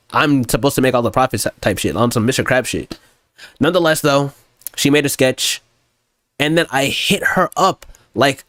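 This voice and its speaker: A man's voice: medium pitch, no room sound, studio quality. A young man streaming as a music producer, telling a rambling, profane story in heavy slang with a casual, ranting delivery.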